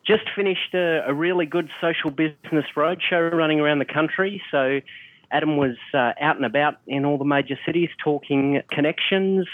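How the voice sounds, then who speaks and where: A man co-hosting a casual podcast over the phone, relaxed and friendly with some hesitant fillers. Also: on the high side, dry recording. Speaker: co-host. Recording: tinny phone line.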